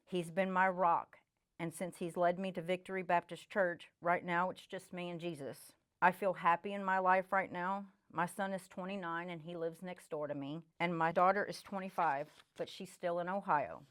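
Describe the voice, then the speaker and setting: A woman's voice: on the low side, steady tone, normal speed, a bit bright. A middle-aged woman telling her personal testimony in an earnest, reflective way. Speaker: church member giving testimony.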